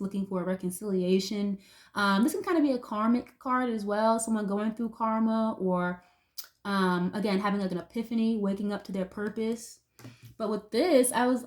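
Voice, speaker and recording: A woman's voice: medium pitch, a little mellow. Chatty woman doing a casual tarot reading. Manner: chatty and loose, heavy use of "like", occasional swearing. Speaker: tarot reader.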